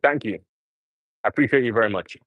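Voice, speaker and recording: Low-voiced man chatting live from a gym. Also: fairly quick, a bit bright, no room sound, low-quality recording. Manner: rambling, earnest, talks to viewers directly. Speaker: vlogger livestreaming from the gym. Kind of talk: casual live-stream chat.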